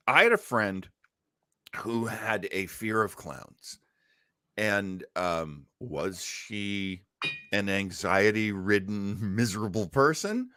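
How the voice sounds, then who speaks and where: Bright lively man telling a story. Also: on the low side, no room sound, clean studio sound. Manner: rambling storyteller with many restarts. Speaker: podcast co-host. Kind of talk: casual chat.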